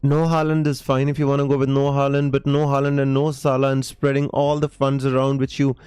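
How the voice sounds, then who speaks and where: A man hosting a relaxed live stream, reading out viewer comments and answering them in a halting, friendly chat full of fillers and restarts. His voice is smooth and clear, recorded close and dry. Faint music plays underneath. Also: mid-range voice, no room sound. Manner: hesitant, many fillers and restarts, calls viewers mate; reads viewer comments aloud.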